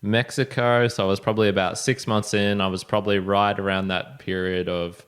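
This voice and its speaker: A man, hosting a podcast and chatting casually in a relaxed way. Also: on the low side, brisk, smooth. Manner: relaxed, frequent agreeing fillers. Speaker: podcast host. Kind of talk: casual chat.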